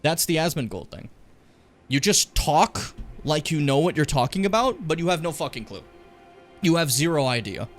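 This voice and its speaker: A man streaming a game, chatting casually and ranting with lots of swearing, loud one moment and muttering the next. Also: medium pitch, fairly quick, soft background music. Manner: animated, swearing, ranting loudly then muttering. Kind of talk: casual gaming stream chat and rant.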